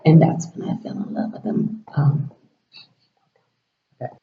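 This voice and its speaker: A man's voice: measured pace, a little hiss or hum. A man telling a personal story to camera in a rambling, casual way, acting out dialogue and sometimes dropping to a whisper. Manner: rambling, acts out quoted dialogue, drops to a whisper at times. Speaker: vlogger. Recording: roomy, dull lo-fi sound.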